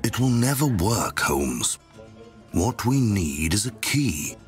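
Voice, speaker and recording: Worried sidekick guy, super deep, bouncy delivery. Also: very animated, slow. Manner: earnest, fretful. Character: Watson, the detective's anxious male companion. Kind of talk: game voice acting. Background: game music.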